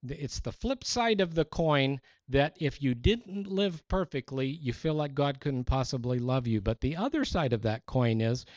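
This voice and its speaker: A male pastor preaching a sermon in an animated, conversational way with playful exaggeration. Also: mid-range voice, moderate pace, few pauses, no echo. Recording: dull, dry sound.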